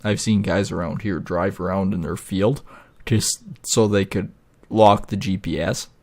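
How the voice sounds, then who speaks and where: A man's voice: sits low, fairly even intonation, unhurried, vocal fry, darkish tone. A man hosting a gaming video, rambling and ranting with plenty of swearing in casual gameplay commentary.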